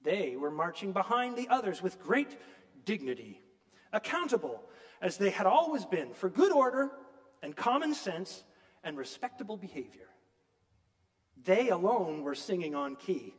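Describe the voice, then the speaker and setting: A man preaching a sermon, retelling a story in an animated, emphatic storytelling manner. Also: sits high, normal speed, in a large hall.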